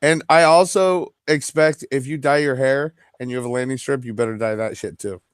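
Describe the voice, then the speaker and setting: A man's voice: mid-range voice, a little fast, smooth, no echo, clean studio sound. A man in casual chat on a stream, crude and joking.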